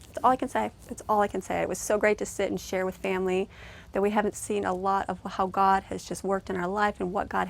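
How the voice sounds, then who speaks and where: With a creaky, mid-range voice, a middle-aged woman who vlogs as a mother speaks casually and emotionally. She rambles earnestly, keeps restarting, and thanks people from the heart.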